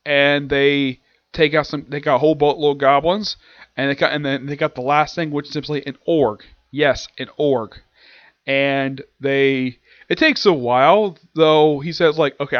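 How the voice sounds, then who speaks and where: A man giving a casual, rambling episode recap and review, often restarting sentences and dropping into quick quoted lines. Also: a little high, no echo, dull audio. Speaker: anime reviewer.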